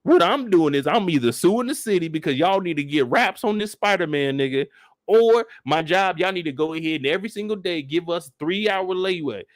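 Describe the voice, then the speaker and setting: A man with a high-pitched voice tears into a comic rant, animated and exasperated, with frequent cursing. The sound is dry and close, with no room echo. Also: fairly quick, hardly any pauses. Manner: animated, profane, exasperated storytelling. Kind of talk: comedic rant.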